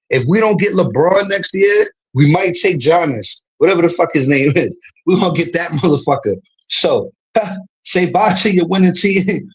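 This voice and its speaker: A man's voice: high voice, husky, poor audio. A young man with a New York accent, a streamer from the Bronx, trash-talking in a casual, profane livestream rant and laughing between lines.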